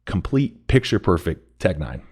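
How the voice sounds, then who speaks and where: Deep-voiced excitable man reacting to music. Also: heavy background noise. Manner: excited, halting, repeats words, rises in pitch when thrilled. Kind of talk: casual reaction commentary.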